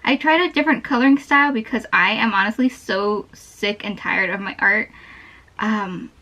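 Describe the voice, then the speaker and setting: A woman's voice: medium pitch, normal speed, sharp tone. A young woman chatting casually while she draws, meandering and interrupting herself often. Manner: meandering, self-interrupting, giggly. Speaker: art channel host. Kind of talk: rambling chat over a drawing. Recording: dull lo-fi sound.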